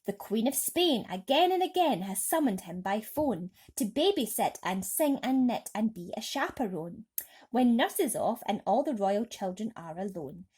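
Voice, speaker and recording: Lady doing a cheery little boy, high and bouncy, bit breathy. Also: sing-song, moderate pace, a little mellow. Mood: eager. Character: cheerful, polite small boy.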